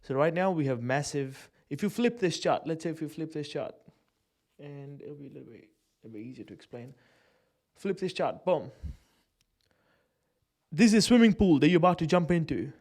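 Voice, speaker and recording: A man's voice: fairly high pitch, expressive, normal speed, darkish tone. A man giving casual live commentary on a day-trading stream, swearing, using slang and laughing often as he talks through charts.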